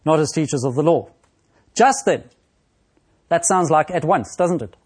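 Male preacher, slightly high voice, deliberate expository sermon delivery, pauses often. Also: animated, darkish tone, breathy edge. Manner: slow and deliberate, with frequent pauses and fillers.

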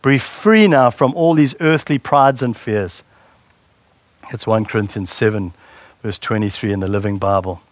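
A man's voice: fairly low pitch, normal speed, no room sound. A man preaching a sermon in a conversational way and putting questions to the congregation. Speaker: pastor.

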